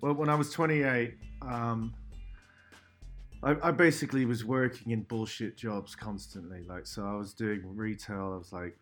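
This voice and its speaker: Lower-voiced middle-aged guy, rambling sweary stories, lots of um and like. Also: steady tone, normal speed, fairly bright tone, soft background music. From London, England. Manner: swears a lot, rambling with many fillers. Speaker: graffiti artist guest. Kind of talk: casual storytelling.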